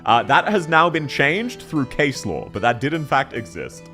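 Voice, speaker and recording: A man's voice: medium pitch, sing-song, moderate pace, sharp tone, faint music behind. A young man, chatting casually with his live-stream audience while gaming, rambling, swearing freely and laughing often.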